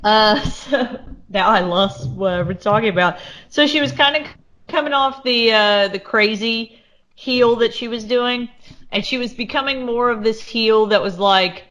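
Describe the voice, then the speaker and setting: A woman's voice: fairly high pitch, measured pace, fairly bright tone, highs cut off. A woman co-hosting a podcast, talking casually in a rambling way with many restarts. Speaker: podcast co-host. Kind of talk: casual chat.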